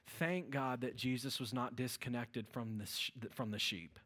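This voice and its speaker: A man with a Pittsburgh accent preaching a sermon as pastor, energetic, with loud exclamations to the congregation. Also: medium pitch, normal speed. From Western Pennsylvania.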